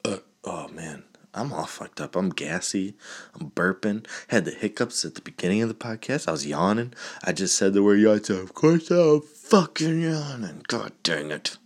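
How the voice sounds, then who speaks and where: A man's voice: low voice, moderate pace. A man hosting a solo podcast, talking casually with crude jokes and frequent laughs. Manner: crude, joking, laughs often. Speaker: podcast host.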